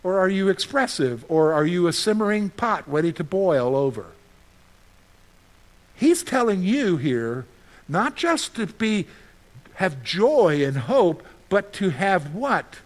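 A middle-aged man preaching a sermon as pastor, lively and conversational, asking his listeners questions and answering them himself. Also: high voice, slow. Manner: animated, asks the congregation questions and answers them; acts out his own panicked reactions for humor.

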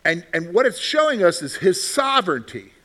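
Leading a Bible study discussion as its teacher, this man keeps saying "okay?" to check in, repeats phrases and asks the group questions. He talks at a normal speed in a high, bright, forceful voice that swings widely in pitch.

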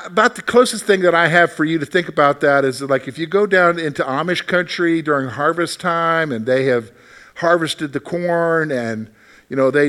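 A man leads a Bible study lesson with a slightly higher voice than most men. He talks in a conversational way and often puts questions to his class. When he voices God's words, he becomes animated. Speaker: Bible teacher.

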